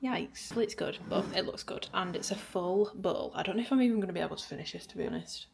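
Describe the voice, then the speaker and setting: A woman's voice: medium pitch, fast, vocal fry, a little mellow, slight background noise. A young woman, chatting casually through a vlog while she cooks in her home kitchen. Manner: chatty, rambling, self-deprecating. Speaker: vlogger. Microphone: camera on a tripod.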